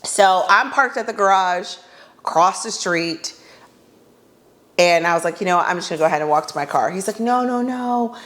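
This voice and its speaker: A woman's voice: lowish voice, brisk. A woman podcast host telling a funny dating story in a casual way, acting out her own lines with blunt, exasperated asides. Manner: animated, acts out her own reactions in dialogue.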